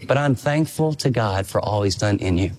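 A man's voice: on the low side, animated, normal speed, a little mellow, a little hiss or hum. A man preaching a sermon to a congregation, earnest and emphatic, often acting out quotes in an everyday conversational way. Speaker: pastor.

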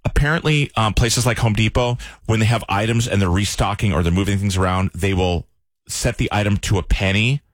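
A man's voice: fairly low pitch, a little fast, no room sound. A man hosting a radio show, bantering and joking with a caller. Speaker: radio host. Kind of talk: morning radio chat. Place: radio studio.

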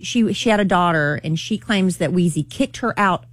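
A woman hosting a radio morning show, reading out celebrity news with dry asides. Her voice sits slightly low. The studio sound is dry and close. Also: normal speed, no echo. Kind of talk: morning show gossip chat.

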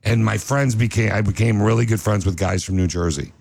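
A man's voice: on the low side, brisk, vocal fry, a little mellow, no room sound. A man co-hosting a radio show, joking around in playful banter. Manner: playful, jokey, slips into put-on voices.

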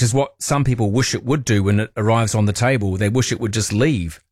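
A man's voice: mid-range voice, brisk, few pauses, a little mellow, no room sound, studio quality. A man hosting a talkback radio show, chatting casually with playful, joking asides. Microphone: studio microphone.

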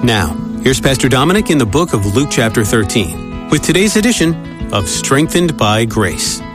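A man's voice: medium pitch, sing-song, normal speed. A man reading the scripted introduction to a radio sermon program. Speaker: program announcer. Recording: announcer over guitar music.

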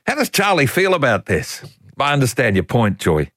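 A man's voice: medium pitch, normal speed, no echo. An older Australian man hosting talkback radio, talking in a folksy, opinionated and exasperated way. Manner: animated, exasperated, folksy opinionated talk with laughs.

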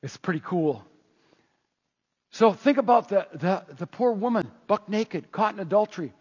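A man preaching a sermon in an animated way, full of rhetorical questions, in a dull, echoey hall recording. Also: sits high, moderate pace, husky. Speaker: pastor.

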